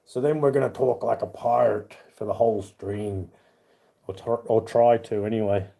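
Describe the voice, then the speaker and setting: A man's voice: fairly low pitch, steady tone, normal speed, creaky, mellow. An Australian man hosting a casual livestream, rambling in a friendly way as he answers chat by name and calls people mate. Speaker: livestream host.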